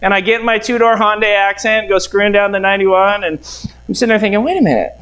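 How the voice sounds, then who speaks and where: A man's voice: high-pitched, quick pace, a bit bright, rough recording. A middle-aged man from the United States, a real estate mentor, telling a seminar story and acting out both sides of the conversations.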